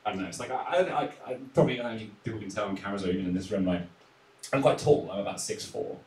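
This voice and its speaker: A young English man doing a stand-up set, self-deprecating, chuckling between lines and filling pauses with "uh" and "um". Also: fairly low pitch, lively intonation, a little mellow. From England. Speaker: stand-up comedian. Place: small comedy room on a live stream. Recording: echoey room, distant mic, audible noise.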